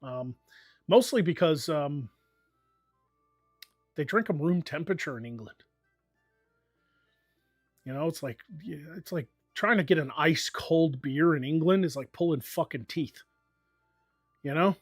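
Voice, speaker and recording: A man's voice: on the high side, animated, measured pace, pauses often, no echo, clean studio sound, faint music behind. Profane American man telling stories. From United States. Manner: profane, rambling storyteller with many fillers. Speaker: streamer. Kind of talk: casual chat.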